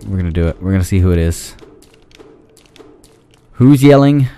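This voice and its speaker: A man's voice: deep voice, level tone, racing, dark tone, slight background noise. A man giving goofy gameplay commentary, talking back to the enemies on screen, yelping and pleading with them when the fight goes badly. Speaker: let's play commentator.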